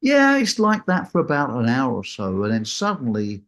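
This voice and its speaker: A man telling a personal story in a casual, animated way, acting out what people said. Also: moderate pace. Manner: animated, acts out what people said with big jumps in pitch.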